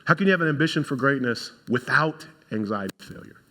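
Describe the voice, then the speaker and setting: A man, a pastor, preaching a sermon in an animated way and talking straight to his congregation. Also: mid-range voice, quick pace.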